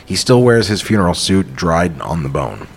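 A man hosting a podcast, reading a screenplay aloud with deadpan, profane asides. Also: deep voice, normal speed, husky. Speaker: podcast host. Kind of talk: script read-through with banter.

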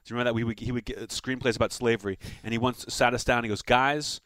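Fast-talking joking male co-host. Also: medium pitch, flat delivery, fairly bright tone, dry recording. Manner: rambling, joking riffs. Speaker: podcast co-host. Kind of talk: casual comedic chat.

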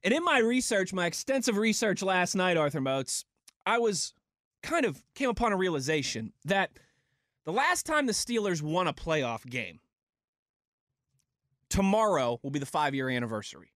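High-pitched male sports radio host, energetic, playful, dry studio sound. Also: moderate pace, no echo. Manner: energetic, playful, stretches words for effect. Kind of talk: upbeat sports talk radio.

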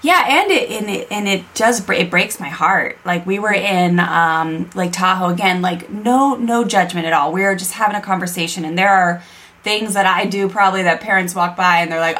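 Woman hosting a podcast, chatty and excited, kinda low voice. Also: normal speed. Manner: enthusiastic, chatty, mimics scolding parents. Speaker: podcast host. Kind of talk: casual chat.

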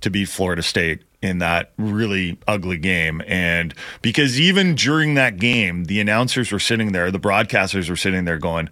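A man's voice: on the low side, lively intonation, moderate pace, few pauses, bright, forceful tone, no room sound, studio quality. A man co-hosting a sports radio show, casual and matter-of-fact as he pushes back on his partner. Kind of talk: sports talk debate.

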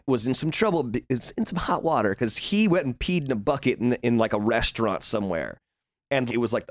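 Guy in his 30s on a podcast, animated storyteller, laughs a lot, dry close mic. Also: mid-range voice, dry recording. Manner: animated storyteller, laughs often, acts out voices. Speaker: podcast guest. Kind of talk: casual interview chat.

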